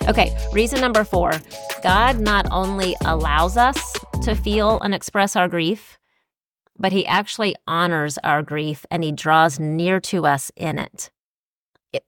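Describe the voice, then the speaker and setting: A woman's voice: on the low side, unhurried, fairly bright tone, no echo, soft background music. Earnest woman podcast co-host, dry sound. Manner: earnest, reflective, cites scripture. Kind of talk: Christian podcast talk.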